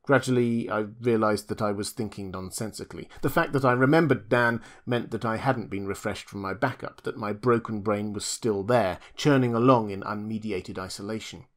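A man narrating a first-person audiobook in a measured, reflective reading. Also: fairly low pitch.

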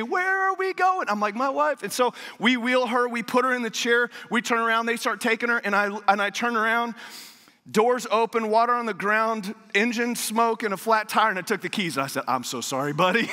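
A man's voice: sits high, long reverb tail. A man in his thirties, a pastor telling a funny story in a sermon, acting out what people said. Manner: animated, humorous storytelling with acted-out quotes. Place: church auditorium.

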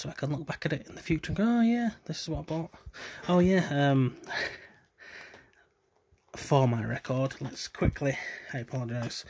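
A man giving subdued, self-deprecating commentary while opening trading cards, with low-key delivery and trailing hesitations. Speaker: card collector vlogger. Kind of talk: casual card-opening commentary.

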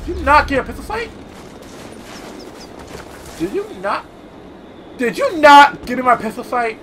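A man's voice: very high voice, very animated, unhurried, long pauses, fairly bright tone, a little hiss or hum. A man giving profane, frustrated commentary while playing a game. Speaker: gaming channel host. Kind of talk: gameplay commentary. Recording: game music behind the voice.

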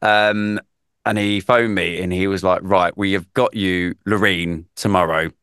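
A man's voice: sits low, unhurried, clean tone, dry recording, clean studio sound. A man, a radio presenter, chatting casually on a podcast and acting out the people in his stories. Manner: animated storyteller, acts out quotes. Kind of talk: casual chat, storytelling.

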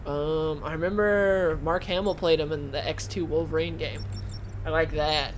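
A man's voice: fairly high pitch, fairly even intonation, moderate pace, slight background noise. A young man hosting a casual gaming video, chatting and rambling while he plays and reacts to the game. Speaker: gaming channel host. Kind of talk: casual let's-play commentary.

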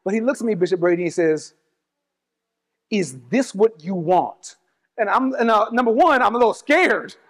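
A man preaching a sermon as a church elder, sharing personal testimony, moving between quick asides and slow emphatic lines. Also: high voice, lively intonation, a bit bright. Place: church sanctuary. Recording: church hall with long reverb.

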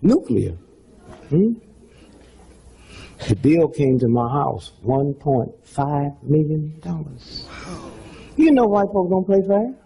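Gravelly yet mellow, this seventy-something comedian's voice sits on the high side and swings widely in pitch; he goes slowly, with long pauses. Telling stories to a live crowd, he rambles folksily with asides like "huh?" and "you know what I'm saying?" The audio is poor, with a little hiss or hum.

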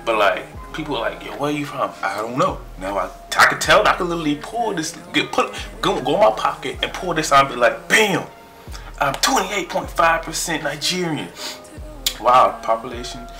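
A young man in his twenties, chatting excitedly in a casual vlog and trailing off as he reads his results aloud. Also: mid-range voice, brisk, few pauses, soft background music. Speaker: vlogger.

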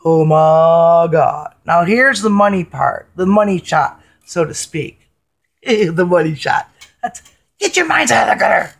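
Slow, jokey middle-aged woman. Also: mid-range voice, lively intonation, creaky, fairly bright tone, breathy edge. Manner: jokey, rambling, self-deprecating; bluesy half-sung delivery. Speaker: amateur singer-songwriter. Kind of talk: casual home video with singing.

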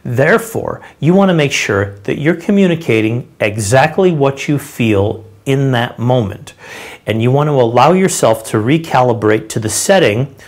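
A man's voice: medium pitch, animated, moderate pace. A man teaching sales body language straight to the camera, showing each gesture with his hands and feet as he explains it in a direct, conversational way. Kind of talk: instructional talk to camera.

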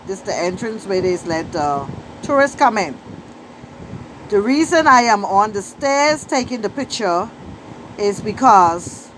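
A woman's voice: mid-range voice, fairly bright tone, slight background noise, rough recording. A middle-aged Bahamian woman with a Bahamian accent, telling a story to camera in a casual vlog and repeating phrases for emphasis. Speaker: vlogger and poet.

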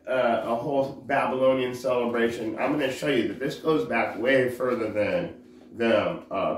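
Slow, halting man in an echoey room. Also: mid-range voice. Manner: halting, searches for words, restarts often. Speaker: religious teacher. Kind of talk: informal scripture teaching. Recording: roomy echo, faint background noise.

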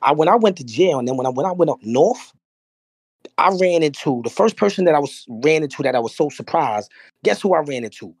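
A man with a New York accent talks quickly, his voice gravelly and husky. He tells his story in an animated, streetwise way and circles back on his own words. The sound is dry and close. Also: fairly high pitch, no echo. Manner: animated, streetwise, repeats himself. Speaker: podcast guest. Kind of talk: casual storytelling.

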